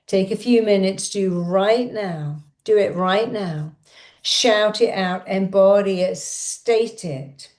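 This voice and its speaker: A woman's voice: medium pitch, slow, a little mellow, roomy sound. A woman leading a guided affirmation exercise as a self-help coach, giving emphatic, repetitive, coaxing instructions.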